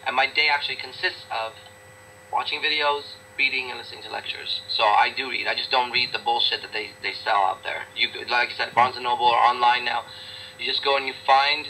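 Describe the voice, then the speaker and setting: A man's voice: mid-range voice, fairly even intonation, fairly quick, bright, forceful tone, slight background noise, poor audio. A man answering interview questions in a blunt, emphatic, profane way, often repeating himself for emphasis. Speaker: interview guest, business owner. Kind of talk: casual interview talk.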